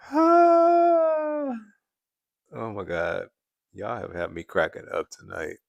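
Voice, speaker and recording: A man's voice: fairly high pitch, big pitch swings, drawn-out words, gravelly, no echo, dull audio. A man hosting a live stream, chatting casually with viewers, laughing often as he answers the chat. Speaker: livestream host.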